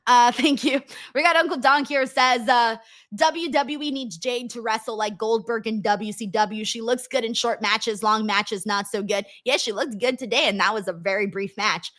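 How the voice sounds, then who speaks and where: Bright-voiced woman host reading chat. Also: a little high, moderate pace. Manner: chatty, reads viewer comments aloud, frequent ums. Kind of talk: casual live-stream chat.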